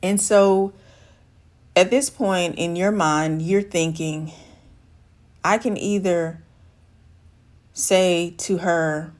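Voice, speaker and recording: A woman's voice: lowish voice, steady tone, drawn-out words, pauses often. Woman life coach acting out a scenario. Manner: acts out dialogue, shifting voice for quoted women. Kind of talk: direct-to-camera advice talk.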